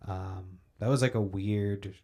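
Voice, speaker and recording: A man's voice: fairly low pitch, fairly even intonation, takes it slowly, gravelly, mellow. A young man hosting a podcast, ranting in a casual, profane, rambling monologue and sounding a little sleepy. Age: young adult. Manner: profane, ranting, loose storytelling. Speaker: podcast host.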